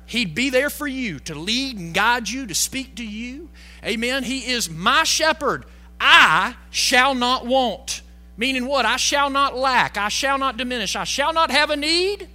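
A man preaching a sermon, calling for amens and asking the congregation questions, swinging between loud emphatic peaks and low quiet asides. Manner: call-and-response preaching, asks the congregation questions. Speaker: pastor.

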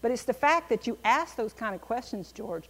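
A woman teaching a Bible class in an animated, emphatic way, with a reverberant room around her. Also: fairly high pitch, moderate pace, very noisy.

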